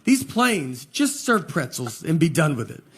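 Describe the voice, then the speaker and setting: A man in his forties with a Southern American accent, doing a rambling, deadpan stand-up routine on a comedy stage. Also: on the high side, measured pace, background noise. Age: 40s. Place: comedy stage before a laughing audience. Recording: stage mic with audience laughter.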